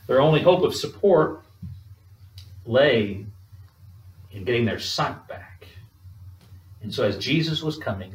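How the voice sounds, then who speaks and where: A man preaching a sermon in a measured, emphatic way, drawing spoken responses from the congregation. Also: medium pitch. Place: church sanctuary. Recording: echoey room, distant mic.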